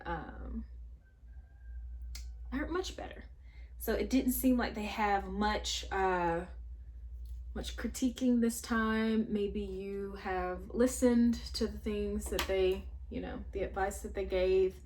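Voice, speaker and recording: A woman's voice: mid-range voice, slow pace, darkish tone, a little hiss or hum. A woman chatting her way through a tarot reading, thinking aloud with many fillers and asides. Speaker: tarot reader. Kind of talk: casual spiritual tarot reading.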